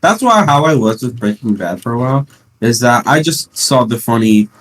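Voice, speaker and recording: A teenage podcast host at home, chatting casually and rambling through stories with playful sarcasm. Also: male voice, mid-range voice, animated, moderate pace, fairly bright tone. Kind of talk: casual chat.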